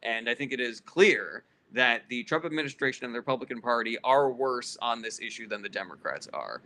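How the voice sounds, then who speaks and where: A man with a bright, forceful voice hosts a casual livestream, reading chat questions aloud one after another. He answers bluntly and swears freely, with plenty of ums and uhs. With some chatters he turns heated and sarcastic. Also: medium pitch, animated, brisk. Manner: blunt and profane, with frequent fillers.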